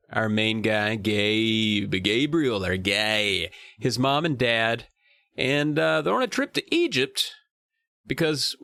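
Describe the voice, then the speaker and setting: Man, podcast co-host, casual book chat, lively pitch, dry recording. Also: creaky, no echo. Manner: jokey, animated, swings high for emphasis.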